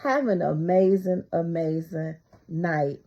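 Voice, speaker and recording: A woman's voice: lowish voice, takes it slowly, warm tone. A middle-aged woman speaking spontaneously to her viewers, giving fervent, repetitive devotional encouragement with casual asides. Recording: slightly dull lo-fi recording.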